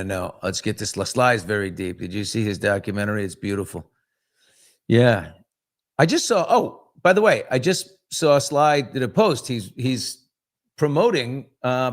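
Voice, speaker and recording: Rambling middle-aged male talk host. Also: mid-range voice. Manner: loose, rambling and candid, with restarts. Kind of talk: casual live chat with viewers.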